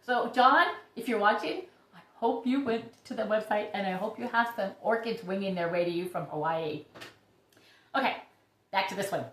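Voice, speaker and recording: A woman's voice: mid-range voice, normal speed, fairly bright tone. Gushing woman in an echoey room. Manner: gushing, chatty, breathy exclamations. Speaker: orchid YouTuber. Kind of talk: casual show-and-tell vlog.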